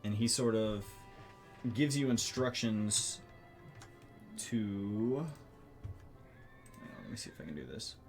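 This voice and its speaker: A man's voice: on the low side, animated, slow, long pauses, faint music behind. Easygoing man running a tabletop game. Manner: casual, laughs easily. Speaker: game master.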